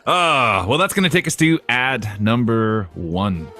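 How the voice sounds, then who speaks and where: Lively, bright-voiced joking podcast man. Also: medium pitch, unhurried, soft background music. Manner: joking, teasing. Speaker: podcast co-host. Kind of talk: casual banter.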